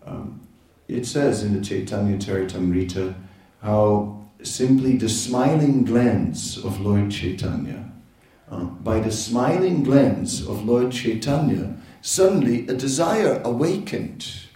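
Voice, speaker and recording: A man giving an informal spiritual lecture, talking in a conversational, halting way with many fillers and laughing asides. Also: mid-range voice, expressive, warm tone, distant mic. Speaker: spiritual teacher. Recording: echoey room, voice from off-mic.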